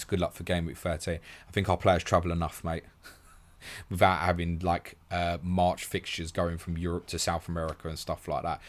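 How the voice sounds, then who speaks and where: A man hosting a live stream, briskly reading listener questions aloud and answering them in a matey, casual way. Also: low voice. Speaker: podcast host.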